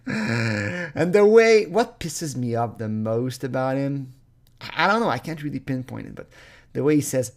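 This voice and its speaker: A man's voice: medium pitch, lively intonation, measured pace. Man in a swearing, ranting vlog. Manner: angry, swearing, stumbling over words, bursts of laughter. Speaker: vlogger. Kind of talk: profane comedic rant.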